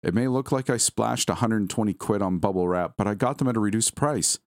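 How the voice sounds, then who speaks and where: A man's voice: on the low side, fairly quick, no echo, studio quality, pitched above the performer's own voice, natural voice. A man voicing an awkward, quirky young husband in a story, talking in a hesitant, defensive way. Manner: stammering, defensive.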